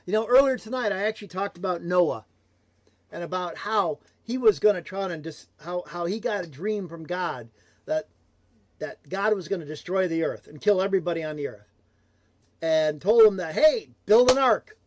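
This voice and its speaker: A man giving a motivational livestream talk, emphatic and swinging between loud declarations and hushed asides. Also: high-pitched, normal speed, no room sound. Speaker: motivational speaker.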